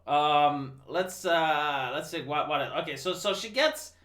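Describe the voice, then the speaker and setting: A Romanian man hosting a livestream rants casually about a movie, sounding incredulous and profane. His voice is a little high and a bit bright, he talks slowly, and the recording has a roomy echo.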